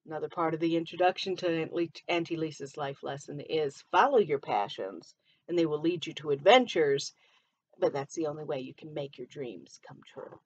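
A woman's voice: deep voice, normal speed, slightly rough, lo-fi sound. A woman from Michigan with a mixed Southern and Midwestern accent, hosting a casual solo podcast and chatting freely, often drifting onto tangents. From Michigan, USA. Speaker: podcast host.

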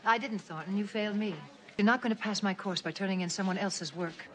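A woman's voice: mid-range voice, a little fast, slight background noise, natural voice. An actress playing a stern, firm female literature professor in a film comedy.

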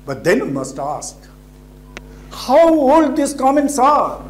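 High-voiced emphatic male commentator. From India. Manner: emphatic, rhetorical questions. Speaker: political commentator. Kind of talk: scripted commentary.

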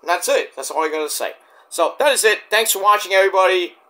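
A man's voice: high voice, animated, quick pace, bright, forceful tone. A man casually reviewing a wrestling show in a rambling, filler-heavy way, saying he is dead tired.

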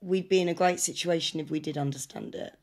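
A woman's voice: low voice, fast. A woman co-hosting a movie reaction with her boyfriend, teasing and blunt in casual chat. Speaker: co-host girlfriend.

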